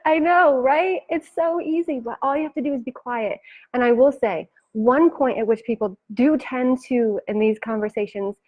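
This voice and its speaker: A woman business coach giving a chatty, animated live talk, acting out her clients' lines and laughing often. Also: sits high, normal speed, muffled recording.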